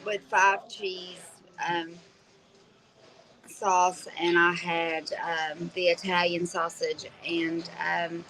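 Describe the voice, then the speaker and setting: A woman's voice: fairly low pitch, flat delivery, extremely slow, a bit bright, a little hiss or hum, rough recording. A woman chatting casually with her husband on a livestream, teasing and using many ums. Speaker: co-host, the vlogger's wife. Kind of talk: casual chat. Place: restaurant.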